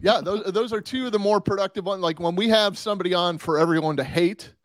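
A man's voice: high-pitched, fast talker, dry recording. Rambling man with a dry close mic. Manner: rambling, restarts, laughs easily. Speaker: podcast co-host. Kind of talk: casual chat.

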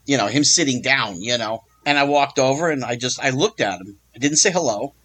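A man's voice: medium pitch, a little fast. A man telling an anecdote as an interview guest, acting out the voices of the people in it. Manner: lively, acts out quoted voices. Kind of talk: animated storytelling anecdote.

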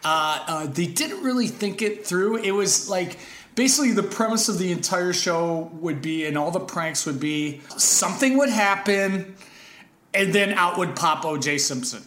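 A man telling stories as a podcast guest, rambling and halting, breaking into laughs often. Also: high voice, expressive, a bit bright, reverberant. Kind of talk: casual storytelling chat.

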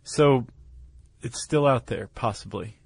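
A man's voice: mid-range voice, slow, creaky, slightly rough, dry recording. A man co-hosting a podcast, chatting casually and laughing easily. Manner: relaxed, conversational, laughs easily. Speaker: podcast co-host.

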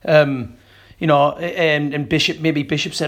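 A man's voice: a little high, steady tone, unhurried, fairly bright tone. A man appearing as a guest on a casual football podcast, ranting scornfully and swearing a lot.

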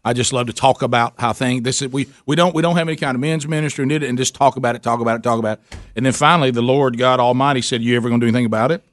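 A man's voice: medium pitch, fairly even intonation, racing, a bit bright, no room sound. A middle-aged man, telling a story in a casual interview, self-deprecating and often repeating himself. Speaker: guest talking about his men's ministry.

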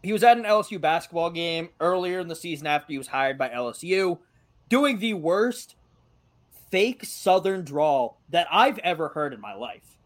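Young male co-host, light Massachusetts accent, high lively voice, jokey and profane. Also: moderate pace. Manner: animated, joking, swears freely. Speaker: podcast co-host. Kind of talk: casual chat.

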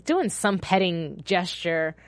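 Animated woman recapping a TV show. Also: fairly low pitch, takes it slowly, no room sound. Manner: animated, self-deprecating, trails off and restarts. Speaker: podcast co-host. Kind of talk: casual TV recap chat.

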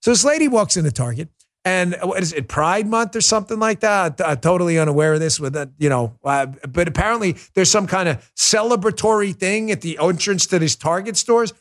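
A middle-aged man hosting a political commentary show, talking in an animated, mocking way with quick asides. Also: sits high. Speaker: host.

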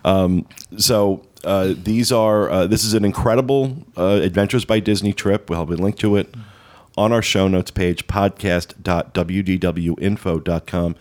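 Male podcast host, very low voice, casual rambling promo chat. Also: normal speed, a little mellow. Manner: rambling, many uh fillers, upbeat promo talk.

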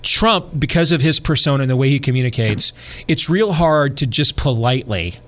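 A man's voice: mid-range voice, expressive, fairly quick, a bit bright. Middle-aged guy hosting talk radio, rambly and chatty, lots of ums and restarts. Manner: rambling, conversational, many fillers and restarts. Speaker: talk show host. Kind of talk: casual political talk radio.

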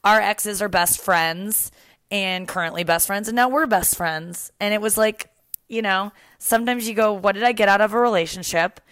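A young woman hosts a casual podcast from her couch, chatty and quick to laugh and swear. Her voice sits at a middle pitch and sounds dry and close, with no room echo. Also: a bit bright. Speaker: podcast host. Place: apartment couch.

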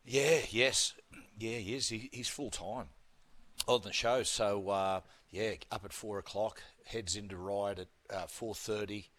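A man's voice: lowish voice, steady tone, measured pace, a bit bright, dry recording. A middle-aged man with an Australian accent, a guest host chatting casually and telling laughing, blokey stories. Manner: laughing storyteller, blokey banter. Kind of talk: casual sports chat.

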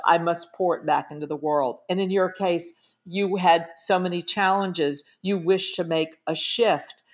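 A middle-aged woman author, a guest in an interview, giving earnest and emphatic advice in conversation. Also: lowish voice.

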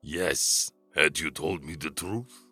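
A man voicing a gruff, towering immigrant cobbler father, speaking slow, weighty broken English. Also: very deep voice, music in the background, pitched below the performer's own voice. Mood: tender. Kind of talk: audiobook character voice.

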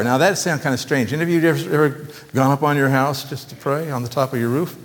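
A man's voice: medium pitch, fast, in a large hall. A man preaching a conversational sermon as pastor, with folksy joking asides to his congregation.

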